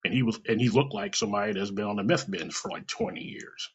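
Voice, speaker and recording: A man from Kansas City, chatting casually on a podcast and telling a story with lively quoted voices and a husky, gravelly tone. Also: on the low side, quick pace. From Kansas City, United States. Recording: dull lo-fi recording.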